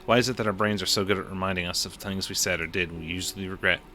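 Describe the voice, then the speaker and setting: A man's voice: low voice, steady tone, fast talker, sharp tone, slight background noise. A male streamer reading a visual novel aloud in plain narration, adding his own reactions now and then. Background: music.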